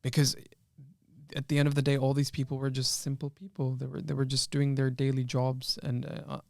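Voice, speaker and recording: A man's voice: mid-range voice, completely flat delivery, brisk, creaky, a little mellow, no room sound, clean studio sound. A young man, a law student, earnestly retelling a film in a casual panel discussion, with many restarts.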